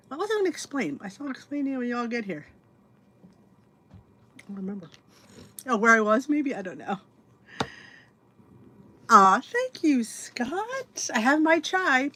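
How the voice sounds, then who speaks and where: A woman's voice: fairly high pitch, fairly bright tone. A woman hosting a casual livestream podcast, chatty and a bit scattered, talking to herself while she sets up. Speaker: podcast host.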